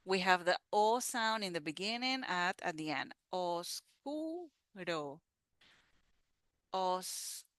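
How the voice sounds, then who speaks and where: A woman teaching a slow pronunciation lesson, patiently repeating each word. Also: fairly low pitch, expressive, a bit bright, dry recording. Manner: patient, repeats words slowly. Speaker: Spanish teacher.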